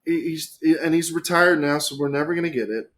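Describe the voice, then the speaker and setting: A man chatting casually as a podcast guest, animated and swearing freely, with big swings between loud and quiet. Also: a little high, brisk, a little hiss or hum.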